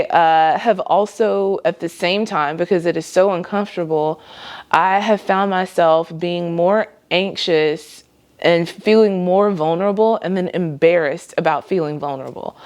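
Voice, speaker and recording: Casting: young adult woman, low-ish voice, earnest faith vlogger, reflective and candid. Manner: earnest and reflective, with light laughs. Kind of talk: faith-based personal vlog.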